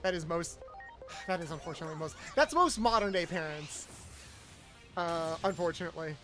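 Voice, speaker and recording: A man's voice: a little high, normal speed, bright, forceful tone, faint music behind. A young man, a streamer host, chatting casually and acting out the people he quotes in his stories. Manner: rambling storyteller, acts out quotes. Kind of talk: casual chat while gaming.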